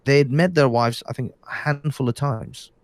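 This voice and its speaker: A man's voice: mid-range voice, normal speed, no room sound. A tired man talking in a casual late-night chat, rambling with many hesitant restarts. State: tired, yawning. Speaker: podcast guest.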